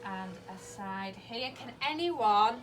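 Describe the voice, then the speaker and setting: A woman teaching a maths lesson to a class of young children, slowly asking questions, encouraging their answers and repeating them back. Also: mid-range voice, lively intonation. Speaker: early years teacher.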